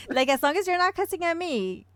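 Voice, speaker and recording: A woman's voice: very high voice, big pitch swings, normal speed, dry recording. A woman in casual chat on a podcast, chatty and giggly, trailing off and restarting her sentences.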